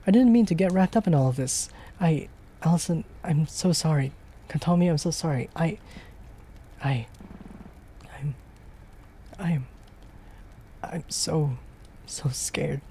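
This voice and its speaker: A streamer acting out a frantic young woman caught in a blaze, stammering through the game's text and leaping from strained shouts to breathy whispers. The pitch stays mid-range at rest, and a soft hiss of faint noise runs underneath. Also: a little slow, long pauses, close to an everyday voice. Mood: terrified. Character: panicked young woman trapped in a burning building. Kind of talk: dramatic reading of game text.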